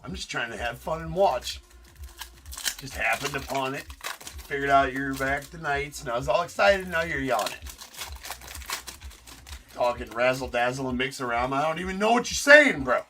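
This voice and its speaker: A man's voice: mid-range voice, expressive, normal speed, pauses often, noisy background, voice pushed up, lightly acted. A man mocking a whiny, put-upon viewer. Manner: complaining, exaggerated. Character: whiny annoyed male viewer.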